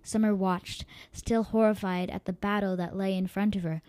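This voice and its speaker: A woman's voice: medium pitch, fairly even intonation, moderate pace, a little mellow, dry recording. A woman storyteller reading her own story aloud, an amateur reader who stumbles and corrects herself. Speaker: podcast storyteller.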